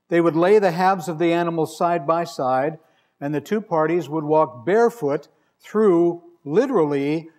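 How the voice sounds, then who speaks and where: Male preacher, sermon, fairly high voice, wry conversational delivery, emphatic scripture reading. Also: darkish tone.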